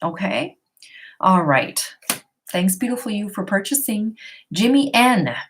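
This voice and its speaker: A woman's voice: mid-range voice, lively intonation, a little slow, a little hiss or hum. A middle-aged woman at home giving tarot readings to viewers on a live stream, reading their questions aloud and answering in a chatty, reassuring way. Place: her home. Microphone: computer or phone on a live stream.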